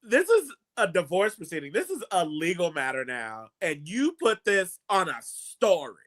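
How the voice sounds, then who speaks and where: A man's voice: high-pitched, sing-song, moderate pace, fairly bright tone. A man co-hosting a live commentary show, chiming in casually with reactions and asides. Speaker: co-host. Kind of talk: live pop-culture commentary.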